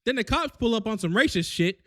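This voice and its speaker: A man telling a crude, comedic recap of a show, full of slang and quick character asides. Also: high-pitched, animated, sharp tone. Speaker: recap host.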